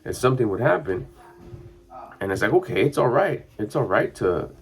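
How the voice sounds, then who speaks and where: A man's voice: mid-range voice, sing-song, normal speed, gravelly. A middle-aged man, a mindset coach, talking in a rambling, casual monologue full of fillers. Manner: rambling and conversational, with frequent fillers.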